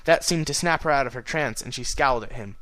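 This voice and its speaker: A young man reading a fan story aloud, narrating in a relaxed, playful way. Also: mid-range voice, no echo, poor audio. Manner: playful, quick to joke. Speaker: fan fiction reader. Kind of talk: storybook narration with off-script asides.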